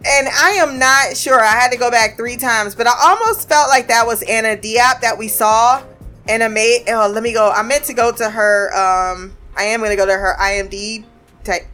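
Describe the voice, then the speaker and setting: Woman, casual show recap, animated, swears, slightly high voice, faint music behind. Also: normal speed. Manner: animated, swearing, acts out characters' lines. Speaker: TV episode recapper.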